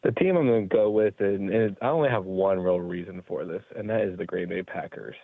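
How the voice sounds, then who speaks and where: A man calling into a sports radio show, halting as he builds up to his point. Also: deep voice, creaky, dry recording. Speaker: caller. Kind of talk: call-in sports radio chat. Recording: tinny phone line.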